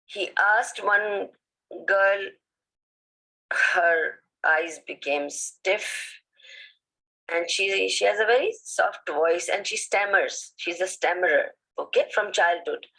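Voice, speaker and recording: A woman religious teacher lectures in a conversational way, telling stories and pausing to ask "okay?". Her voice is husky and sits at a medium pitch. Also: bright, forceful tone, poor audio. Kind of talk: lecture with retold anecdotes.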